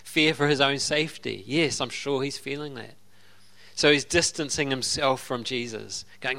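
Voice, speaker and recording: Bright-voiced Australian pastor, chatty. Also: male voice, medium pitch, moderate pace, vocal fry. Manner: conversational storytelling with asides and laughs. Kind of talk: sermon.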